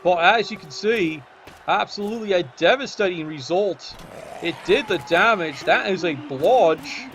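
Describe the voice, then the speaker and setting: A man's voice: high voice, expressive, unhurried, a bit bright. A man giving cheeky, sardonic commentary on a tabletop game match.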